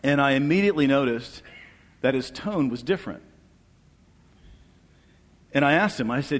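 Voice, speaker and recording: A middle-aged man giving an earnest church testimony, asking for amens and dropping soft and low at tender moments. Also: lively intonation, normal speed, pauses often. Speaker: guest speaker sharing testimony. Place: church hall. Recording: long reverb of a large hall.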